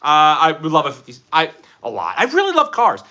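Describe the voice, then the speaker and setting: Male streamer, bright lively voice, jokey, answers chat from a room at home. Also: fairly high pitch, a little fast. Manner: animated, jokey, reacts to chat questions. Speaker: livestreamer reading chat. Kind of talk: casual livestream chat. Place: room at home with collectible figures.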